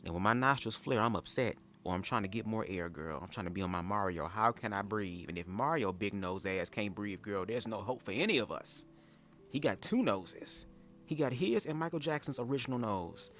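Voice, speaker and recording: A man with a lowish voice hosts a casual livestream, chatting in a sassy, profane, storytelling way. He keeps jumping into shrill impressions before dropping back down, and faint music plays underneath. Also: moderate pace. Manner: animated, jumps into high-pitched impressions. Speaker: livestream host. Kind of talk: casual livestream reaction chat.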